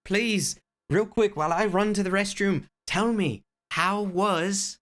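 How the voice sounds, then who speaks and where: A man chatting casually on a live game stream, playful and joking, sometimes hamming up a deliberately bad Irish accent, at a desk microphone at home. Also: high voice, fairly bright tone. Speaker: variety streamer. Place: home room with closet doors.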